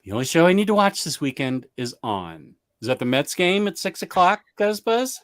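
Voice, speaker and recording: A man's voice: a little high, sing-song, a little fast, a bit bright, dry recording, clean studio sound. A man hosting a casual livestream, reading out viewer comments with rambling, self-mocking asides and laughs mid-sentence. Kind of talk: casual chat.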